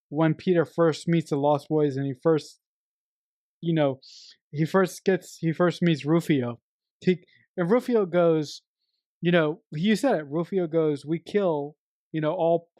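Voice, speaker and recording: Movie podcast co-host, mid pitch, dry close sound, rambling trivia-sharer who bursts into quoted lines. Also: a little mellow, no echo. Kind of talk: casual film review chat.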